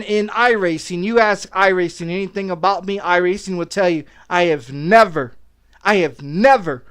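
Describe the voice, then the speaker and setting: A middle-aged man with a notably high-pitched voice, ranting aggressively during a game stream. He swears constantly and hammers the same phrases over and over. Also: fairly bright tone, clean tone. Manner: profane, aggressive, repetitive ranting. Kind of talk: angry streaming rant.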